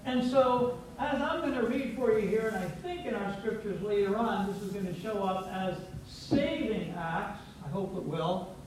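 High-voiced pastor in an echoing church. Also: male voice, moderate pace, a little mellow, slight background noise. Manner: playful, teacherly, prompts the congregation to repeat words. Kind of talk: sermon. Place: church sanctuary. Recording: very echoey church, distant from mic.

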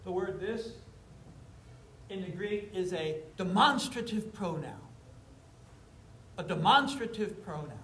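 A man preaching a sermon to his congregation, emphatic, with slow drawn-out stresses and casual asides to the room. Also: sits high, lively intonation, a bit bright. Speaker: pastor. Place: church sanctuary before a congregation. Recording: roomy echoey church sound.

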